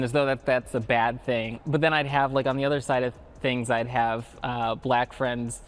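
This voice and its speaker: A man's voice: medium pitch, steady tone, normal speed, few pauses, clear, resonant tone. A man in a panel discussion, talking reflectively and hesitantly with many fillers. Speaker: panel participant. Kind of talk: reflective casual talk.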